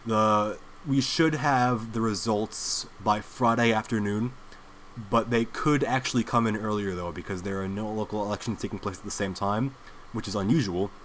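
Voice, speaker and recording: A man's voice: fairly low pitch, normal speed, a little hiss or hum. A young man hosting his own commentary show, delivering a heated political monologue full of filler words. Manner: animated, heated, with many filler likes. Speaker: host.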